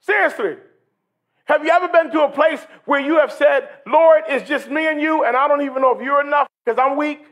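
High-voiced man preaching. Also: brisk. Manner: animated preaching that swells into shouts; rhetorical questions to the congregation. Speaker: pastor. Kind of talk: sermon. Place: church sanctuary during a worship service.

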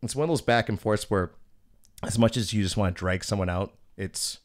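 A man's voice: fairly low pitch, a little fast, dry recording, clean studio sound. Blunt, profane man telling bar stories. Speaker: podcast host and bouncer. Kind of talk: casual storytelling chat.

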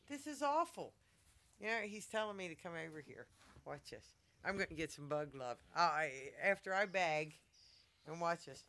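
Middle-aged woman vlogger, chatty and coaxing, crisp voice. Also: mid-range voice, normal speed, long pauses, pushed and bright. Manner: chatty, coaxing, talks to her pets. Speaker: vlogger with pet monkeys. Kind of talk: casual home vlog.

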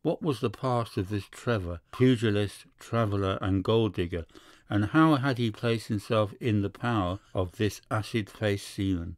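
Male audiobook narrator, measured storyteller, lowish voice, dry close recording. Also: no room sound. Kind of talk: scripted narration.

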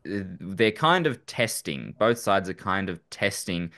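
A man co-hosts a casual political podcast, talking in a loose, rambling way with frequent restarts. His voice sits very low, with a bright and forceful edge. He often breaks into a chuckle as he talks. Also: very animated, measured pace. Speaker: podcast co-host. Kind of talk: casual chat.

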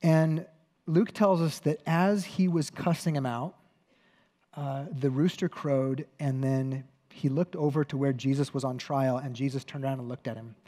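A man's voice: medium pitch, fairly even intonation, moderate pace, mellow. A man preaching a sermon as pastor, telling a story conversationally with self-corrections and wry humor. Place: church hall. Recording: long hall reverb.

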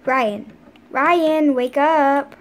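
A woman's voice: high voice, very slow. A woman voicing a stern mother pet who scolds her daughter awake in a home-made toy pet play. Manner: scolding, insistent.

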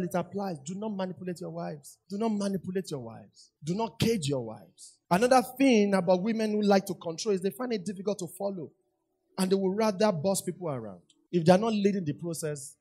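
In a church hall, a pastor with a high, slightly mellow voice and a breathy edge preaches a sermon. He repeats lines and asks the congregation questions.

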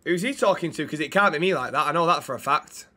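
A man streaming a police role-play game, loud and cheeky, swearing freely and reading out chat shout-outs. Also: on the high side, lively intonation, quick pace. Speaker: streamer playing a police officer.

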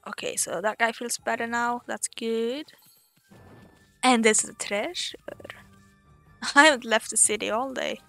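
A woman's voice: on the high side, fairly even intonation, measured pace, gravelly, pauses often, fairly bright tone, soft background music. A woman casually commenting as she plays a game, chatty and swearing, laughing at herself. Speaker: let's play host.

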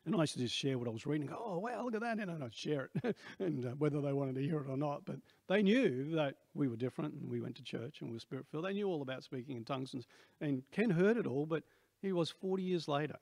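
A man's voice: fairly high pitch, fast talker, creaky, a little mellow, dry recording. Chatty Australian preacher in his sixties. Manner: conversational, rambling with many asides. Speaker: pastor. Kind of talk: sermon.

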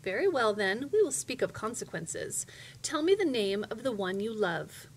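A woman reading aloud and voicing a greedy old witch, speaking slowly in a low, menacing tone. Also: very animated, slight background noise. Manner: slow, low and menacing, at times whispered. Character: greedy cold old witch counting gold.

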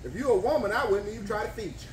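A man loudly cheering on an eating challenge in a restaurant, whooping and repeating himself. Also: sits high, racing, recorded from a distance, slight background noise. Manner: excited, repetitive hollering and whooping. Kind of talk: loud cheering commentary. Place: bar and grill dining room. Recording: echoey restaurant room.

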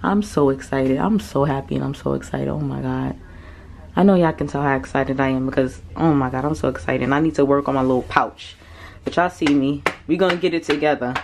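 A woman travel vlogger chatting excitedly to camera in a cruise ship cabin, repeating herself often. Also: a bass voice, brisk, gravelly, a little hiss or hum. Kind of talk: casual chat to camera.

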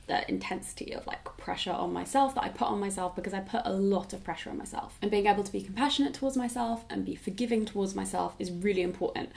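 A woman's voice: mid-range voice, vocal fry. A woman in her twenties, answering viewer questions in a casual, reflective way and often saying "like". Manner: reflective, frequent "like" fillers. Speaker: YouTuber. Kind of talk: casual talking-head Q&A.

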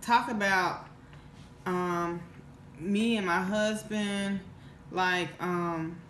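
A mukbang vlogger with a fairly low, slightly bright voice talks very slowly and steadily in a roomy space with a little hiss or hum. Her casual storytime wanders, with many false starts and fillers, and she sounds earnest and emotional.

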